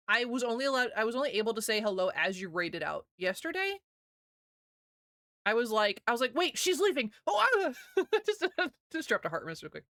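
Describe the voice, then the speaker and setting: A woman in her thirties streaming, chatting casually with viewers, giggling often and talking quickly. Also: medium pitch, a bit bright, dry recording, clean studio sound.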